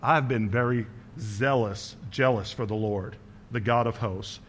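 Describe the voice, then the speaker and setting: A man preaching a sermon in a quiet, intimate manner, asking the congregation questions. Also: mid-range voice, fairly even intonation, measured pace, slight background noise. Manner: quiet, intimate, drops to a hush. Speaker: pastor.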